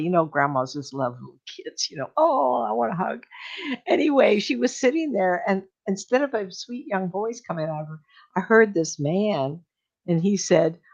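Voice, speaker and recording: An older woman, a medium, telling stories casually on a radio show in a chatty, animated way, often laughing. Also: on the low side, dull audio. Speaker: psychic medium guest.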